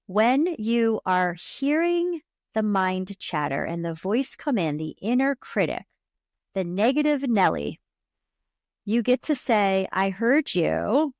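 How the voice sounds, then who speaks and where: A woman with a mid-range voice hosts a solo self-help podcast, speaking earnestly to her listener in a coaching tone and acting out inner voices. She describes herself as a podcast host and subconscious coach. The sound is dry and studio quality.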